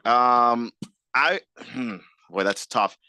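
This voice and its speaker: A man's voice: mid-range voice, very slow, sharp tone, no echo. A man co-hosting a sports radio show, giving basketball picks in casual talk and restarting his sentences often. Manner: thoughtful basketball analysis with frequent restarts.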